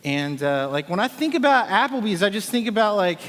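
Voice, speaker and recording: A man's voice: high-pitched, sing-song, fairly quick, fairly bright tone, long reverb tail. A man, a worship leader, giving a casual, joking sermon talk full of fillers. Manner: chatty, joking, with many fillers.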